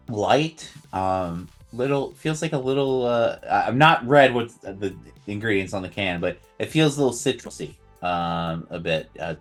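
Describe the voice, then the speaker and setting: A man co-hosting a podcast in casual chat, halting with many uhs and restarts. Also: fairly low pitch, animated, faint music behind. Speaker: podcast co-host.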